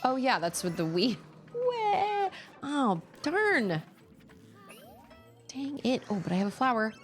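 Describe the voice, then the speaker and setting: Animated woman streamer chatting over gameplay. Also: high-pitched. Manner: chatty, animated, quick exclamations and laughs while playing. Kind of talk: casual live-stream chat while gaming. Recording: faint game music behind.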